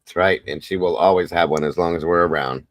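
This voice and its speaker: A man's voice: low-pitched, fairly quick. A man with a Southern US accent hosting a casual livestream chat, folksy, repetitive and upbeat. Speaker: host.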